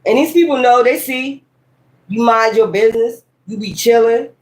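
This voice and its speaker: A woman gives a casual tarot reading to camera in a slightly high voice at a moderate pace, on a low-quality recording. She's blunt and heated, cussing often, rambling emphatically, and bursting into sudden exclamations.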